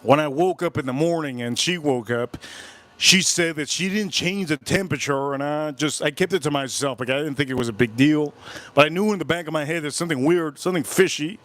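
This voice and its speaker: Live host, male, slightly high voice, retelling a creepy experience in an animated, repetitive way. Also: fairly quick. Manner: animated, repetitive, keeps breaking off about goosebumps. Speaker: whiskey channel host. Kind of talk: casual livestream storytelling. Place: home, live stream.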